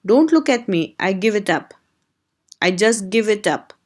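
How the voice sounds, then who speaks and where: A woman's voice: on the high side, unhurried, lightly acted. Indian-accented woman reading as a grumbling husband. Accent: Indian English. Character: grumbling bewildered middle-aged husband.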